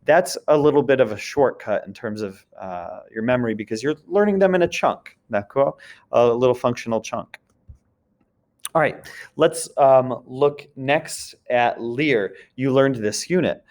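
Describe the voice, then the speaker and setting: A man at mid pitch teaches a French grammar lesson. He walks through the points one at a time and keeps checking that the students follow along. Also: animated, a little slow, a little mellow. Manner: explains step by step with a repeated check-in question. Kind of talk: recorded classroom grammar lesson.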